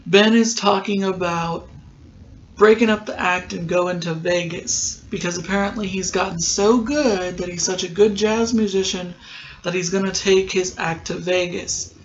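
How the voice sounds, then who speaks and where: A podcast host talks through a TV episode in a loose, casual recap, stopping often for filler ums. The pitch sits in a middle range. The recording is a little dull, with a faint hiss behind it. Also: steady tone, moderate pace. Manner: rambling, many filler ums.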